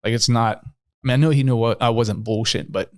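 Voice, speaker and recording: A man's voice: mid-range voice, fairly even intonation, fairly quick, no echo, studio quality. Rambling male realtor telling a story. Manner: rambling, heavy on fillers like "you know". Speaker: real estate agent, podcast guest. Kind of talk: casual storytelling.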